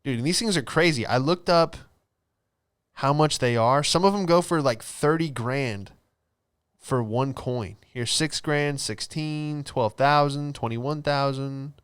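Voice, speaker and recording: Brief: young male podcast host, smooth clear voice, relaxed rambling chat. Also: mid-range voice, unhurried. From Florida. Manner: laid-back, rambling storytelling with slang. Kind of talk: casual solo podcast chat.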